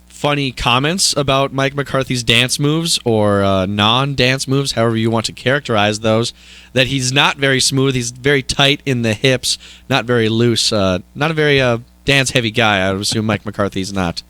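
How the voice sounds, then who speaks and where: North dakota guy cohosting sports talk, bright voice, calm analytical, dry mic. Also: medium pitch, moderate pace, clear, resonant tone, no room sound. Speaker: sports radio co-host.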